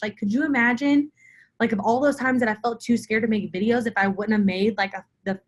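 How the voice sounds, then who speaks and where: A young woman speaks straight to camera in a live motivational video, coaching her weight-loss group. Her voice sits at an ordinary middle pitch, and she talks with emphatic conviction, hammering home short repeated phrases. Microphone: phone or camera for a live video.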